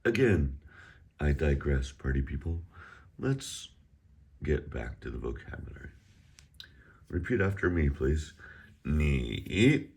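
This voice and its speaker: A man's voice: extremely low pitch, lively intonation, a little slow, gravelly, pauses often, a little mellow, slightly rough. A middle-aged man teaching a casual online Chinese lesson at home, chatty and prone to rambling asides. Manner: sings out exaggerated tones in pronunciation drills.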